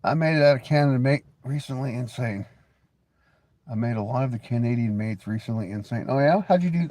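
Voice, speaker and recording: A man's voice: mid-range voice, expressive, fairly quick, a little mellow, no room sound. A man hosting a casual livestream, rambling, joking, laughing often and teasing viewers with crude banter. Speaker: livestream host.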